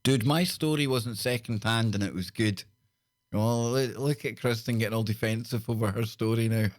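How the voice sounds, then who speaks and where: A man's voice: lowish voice, no echo, studio quality. A man with a Scottish accent hosting a live call-in radio show, joking with his listeners and greeting them one by one. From Scotland. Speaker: radio talk show host.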